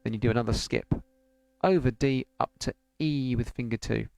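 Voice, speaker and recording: A man's voice: medium pitch, normal speed, vocal fry, a little mellow. A man teaching an online piano lesson, patiently counting beats aloud and singing rhythm syllables.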